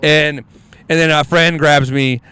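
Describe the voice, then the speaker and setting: A man spinning a loose, animated story as a podcast guest, full of "like" and "um" and false starts. His voice is smooth and resonant at a middle pitch. It is recorded close and dry, with no room sound. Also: unhurried, dry recording. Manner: rambling, animated storyteller with many fillers and restarts. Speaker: comedian guest.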